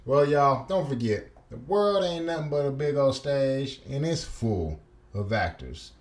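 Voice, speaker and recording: A man's voice: medium pitch, expressive, unhurried. A man hosting a reaction video, folksy and laid-back. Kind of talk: casual reaction commentary.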